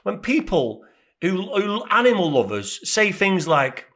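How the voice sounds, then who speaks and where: Animated high-voiced man. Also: a little slow. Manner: animated storyteller, acts out voices of people and animals. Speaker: podcast co-host. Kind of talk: casual chat.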